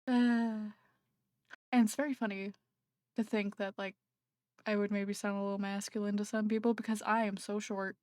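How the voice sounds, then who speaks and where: A woman's voice: mid-range voice, fairly even intonation, a little slow, pauses often, darkish tone, no room sound, clean studio sound. A woman streaming live and chatting casually into her computer microphone, rambling and self-conscious, with lots of fillers and restarts.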